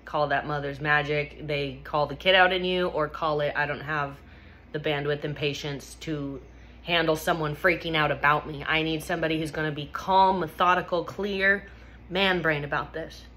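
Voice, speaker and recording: A woman's voice: low-pitched, steady tone, normal speed, sharp tone, slight background noise. A woman vlogger telling a personal story in a candid, emphatic way, swearing freely.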